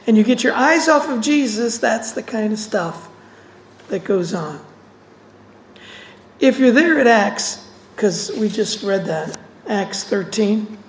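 A woman's voice: on the high side, darkish tone, slight background noise, poor audio. A woman teaching through a Bible passage, reading verses aloud and explaining them with casual asides.

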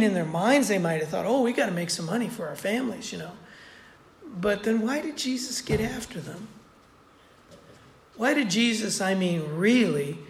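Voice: medium pitch, a little hiss or hum. A preacher giving a sermon in a conversational way, repeating points for emphasis. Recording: roomy echo.

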